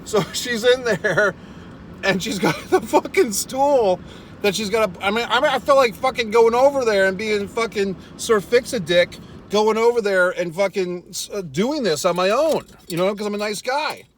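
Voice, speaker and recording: A man whose voice sits high speaks expressively at a moderate pace, over a little hiss or hum. He's a vlogger in a parked car, exasperated, cursing constantly and laughing at himself as he tells a profane comedic story.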